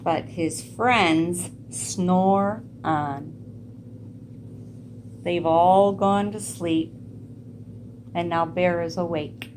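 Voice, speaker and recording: A woman reading a picture book aloud to children, pausing to ask gentle questions about the pictures. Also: fairly low pitch, a little hiss or hum. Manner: gentle, asks listeners questions. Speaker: storyteller.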